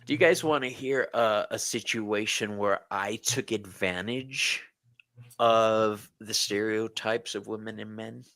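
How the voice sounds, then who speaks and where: A man hosting a casual chat, candid and quick to laugh, swearing casually as he talks. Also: lowish voice, a bit bright. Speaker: host.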